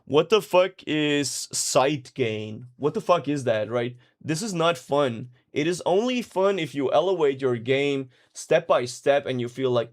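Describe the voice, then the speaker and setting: A relaxed male mix engineer chats casually while answering viewer questions, swearing freely and dropping into lively storytelling. His voice sits at an ordinary middle pitch. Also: normal speed. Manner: laid-back, profane, animated storytelling. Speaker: music producer and mix engineer. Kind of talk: casual livestream Q&A.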